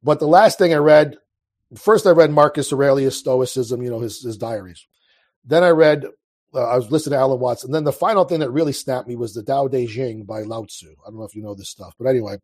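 A man's voice: medium pitch, brisk, darkish tone. A man in his thirties telling his life story as an interview guest, in a casual, rambling way full of restarts. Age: 30s. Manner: rambling, restarts, frequent fillers.

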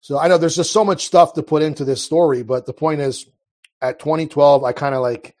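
A man's voice: a little high, steady tone, fairly quick, darkish tone. A man in his thirties telling his life story as an interview guest, in a casual, rambling way full of restarts. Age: 30s. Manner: rambling, restarts, frequent fillers.

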